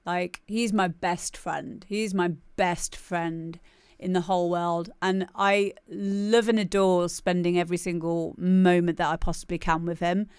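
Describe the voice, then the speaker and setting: Brief: female stream host, smooth clear voice, dry close sound, loose giggly chatter. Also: lowish voice, fairly even intonation, measured pace, a little mellow, dry recording. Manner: chatty and giggly, rambling with many fillers. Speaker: livestream show host. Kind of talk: casual livestream chat.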